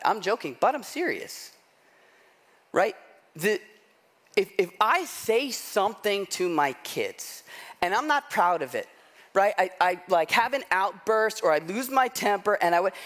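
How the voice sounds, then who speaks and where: A man's voice: high-pitched, a little slow. A man preaching a sermon as pastor, telling stories in a chatty, self-mocking way with lots of "like" and "right?". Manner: animated storytelling with self-deprecating humor; conversational, frequent "like" and "right?".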